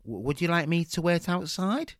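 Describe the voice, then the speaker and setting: A man's voice: on the high side, expressive, moderate pace, dry recording, studio quality, voice pushed up, close to an everyday voice. A man playing a timid, apologetic middle-aged mother who stammers in a comedy sketch. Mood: flustered.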